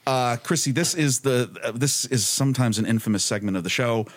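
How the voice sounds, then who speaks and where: A man hosting a casual comedy podcast, animated and halting with frequent ums as he runs a movie list game. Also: mid-range voice. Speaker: podcast host. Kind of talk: casual chat.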